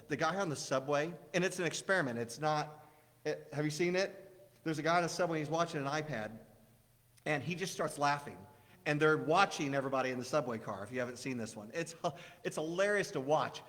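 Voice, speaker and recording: A man gives a sermon, talking with the congregation in a loose, conversational way and asking them questions. His voice sits a little high for a man. The church hall gives a long reverb. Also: a bit bright. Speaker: preacher.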